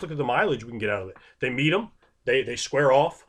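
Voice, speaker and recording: Animated man giving game master advice. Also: mid-range voice. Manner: animated and conversational, acts out quick voices for players; loose and repetitive, with sound-effect words. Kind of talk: casual unscripted advice monologue.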